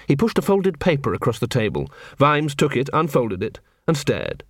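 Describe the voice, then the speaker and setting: Man reading an audiobook, lively up-and-down voice, dry close sound. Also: mid-range voice, moderate pace, few pauses, no echo. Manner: expressive, wry storytelling. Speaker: audiobook narrator. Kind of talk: scripted narration.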